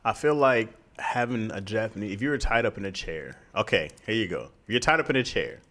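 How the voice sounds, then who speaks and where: A man's voice: fairly low pitch, lively intonation, a little fast, a bit bright. A man co-hosting a casual podcast, joking and laughing often as he talks. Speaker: podcast co-host. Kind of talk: casual chat.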